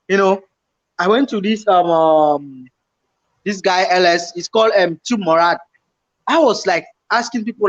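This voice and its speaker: Animated man, high voice, lo-fi recording. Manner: animated, acts out his own panicked past remarks, repeats himself. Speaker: YouTuber co-host. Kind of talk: casual storytelling chat. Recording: slightly dull lo-fi home recording.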